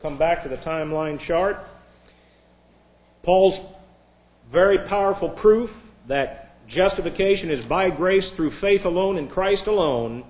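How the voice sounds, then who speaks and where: A male Bible teacher telling an illustration story in a sermon, dramatic and dropping to quiet emphasis. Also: sits high, expressive, a little slow.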